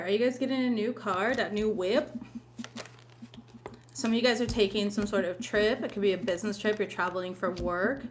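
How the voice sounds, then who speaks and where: A woman's voice: mid-range voice, a little hiss or hum. A woman giving a casual weekly tarot reading, chatty and informal, with many fillers. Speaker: tarot reader.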